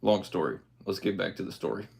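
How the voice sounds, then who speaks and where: Deep gravelly man reading aloud. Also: lively intonation, fast talker. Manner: reads aloud, then breaks off with joking comments. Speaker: reader. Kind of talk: casual book reading with asides.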